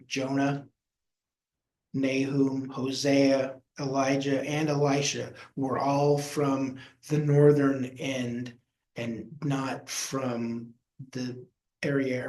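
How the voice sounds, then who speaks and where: A man's voice: medium pitch, a little mellow. A middle-aged male pastor teaching a Bible study in a folksy way, often acting out the voices in the story. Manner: folksy, acts out quoted voices. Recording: echoey room.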